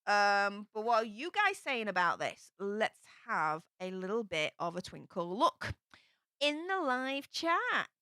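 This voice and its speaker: A woman's voice: mid-range voice, animated, a little slow, hardly any pauses, pushed and bright, smooth, no room sound, studio quality. A young woman with a Yorkshire accent hosting a casual live stream, chatting and reading viewer comments aloud with plenty of ums. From England.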